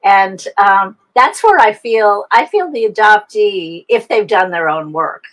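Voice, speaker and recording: A woman's voice: mid-range voice, lively intonation, a little slow, a bit bright, low-quality recording. Older woman, reflective storyteller on a call. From United States. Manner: reflective, storytelling, frequent restarts. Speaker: adoption expert guest. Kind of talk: interview by video call.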